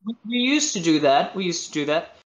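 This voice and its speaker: A man's voice: sits high, animated, brisk, fairly bright tone. A man from Italy with an Italian accent, whose first language is Italian, chatting as a voice-actor guest in an interview and often restarting as he hunts for words in English. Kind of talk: casual interview chat.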